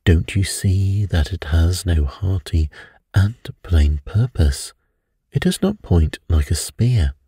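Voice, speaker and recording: A man reading a bedtime story, voicing a brooding priest who speaks low and dreamily of evil. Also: animated, slow, dark tone, husky, dry recording, clean studio sound, full character voice. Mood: dreamy. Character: mystical, brooding elderly male priest.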